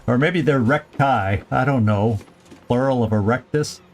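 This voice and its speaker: A man's voice: mid-range voice, a little slow. A man casually commenting on his gameplay during a live stream, thinking aloud with playful, goofy asides. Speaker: video game streamer.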